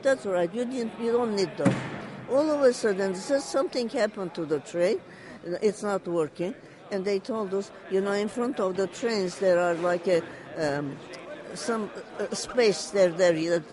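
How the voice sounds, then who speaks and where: Halting storyteller over crowd chatter. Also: mid-range voice, low-quality recording. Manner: halting, repeats phrases, relays quotes. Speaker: interviewee. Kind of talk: oral history retelling.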